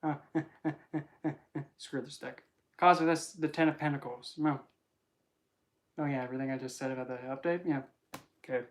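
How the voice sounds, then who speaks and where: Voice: medium pitch, steady tone, normal speed, pauses often. A tarot reader in a casual vlog who rambles, jokes and keeps interrupting themselves. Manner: rambling, joking, self-interrupting.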